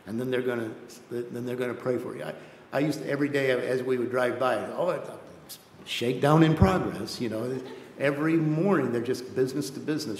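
A man preaching a missionary sermon in an earnest way, often repeating words as he builds a point. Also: a little mellow. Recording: echoey hall with faint rumble.

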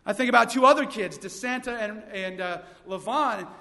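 High-voiced young preacher in a reverberant hall. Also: male voice, moderate pace. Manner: energetic preaching with humorous stories. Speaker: youth pastor. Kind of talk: sermon. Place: church sanctuary. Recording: long reverb of a church hall.

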